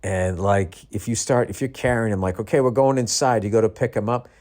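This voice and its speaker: A middle-aged man talks on his podcast in a low voice, tired and yawning. He rambles through comic stories, swears freely and now and then mimics other voices. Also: brisk. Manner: profane, rambling, animated storytelling with mimicked voices. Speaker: podcast host. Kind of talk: casual comedic monologue.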